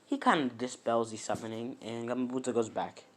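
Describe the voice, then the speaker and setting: A man's voice: medium pitch, a little fast, a bit bright. Rambling man improvising a fan story. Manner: rambling, many fillers and self-corrections.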